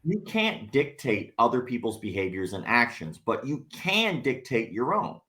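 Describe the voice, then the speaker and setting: A man on a podcast telling a workplace story in loose, casual chat. He is animated and swears freely, and his pitch swings high and low as he acts out the people he quotes. His voice sits in a middle register. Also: normal speed. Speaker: podcast guest.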